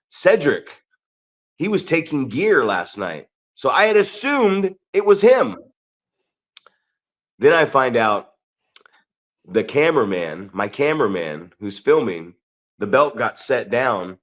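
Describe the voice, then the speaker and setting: A man's voice: mid-range voice, sing-song, slow, pauses often, fairly bright tone. A man co-hosting a podcast, telling a story in a casual, profane, rambling way and often checking in with "right?". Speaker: podcast co-host and pro wrestler.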